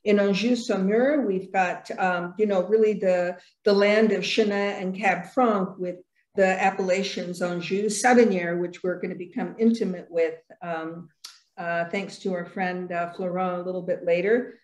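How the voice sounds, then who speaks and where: A woman's voice: lowish voice, steady tone, normal speed, darkish tone. Woman wine expert on a webinar; eager, chatty delivery, room echo. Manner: enthusiastic, talky, with many fillers like "you know". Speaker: master sommelier, webinar co-presenter. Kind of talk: casual seminar presenting over video call.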